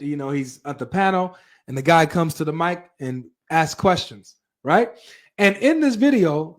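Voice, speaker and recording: Man, reaction-stream host, fairly high voice, animated, chatty asides to viewers. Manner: animated, talks straight to viewers with frequent asides. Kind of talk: live stream reacting and reading chat.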